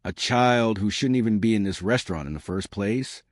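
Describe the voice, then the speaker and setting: A man's voice: on the low side, moderate pace, no echo, studio quality, close to an everyday voice. A man voicing an arrogant wealthy businessman who talks with barely held-back anger and contempt. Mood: scornful. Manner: angry, scornful outbursts.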